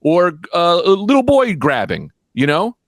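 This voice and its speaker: A man's voice: moderate pace, dry recording, studio quality. A man co-hosting a comedy podcast, joking in casual banter and jumping into mock voices. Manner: jokey, lively, bursts into high mock voices.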